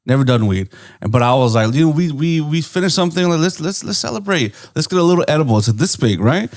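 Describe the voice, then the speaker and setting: A man co-hosting a podcast, telling a story in an animated way, often laughing and acting out voices. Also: fairly high pitch, quick pace. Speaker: podcast co-host. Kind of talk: casual storytelling chat.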